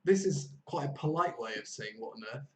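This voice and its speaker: A man with a southern English accent hosting a live online English lesson over a video call, explaining phrases by repeating them slowly. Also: medium pitch, lively intonation. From southern England. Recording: echoey room with faint noise.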